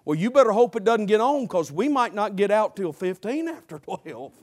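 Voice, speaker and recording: Man, pastor preaching a sermon, high voice, emphatic and repetitive, joking. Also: sing-song, moderate pace.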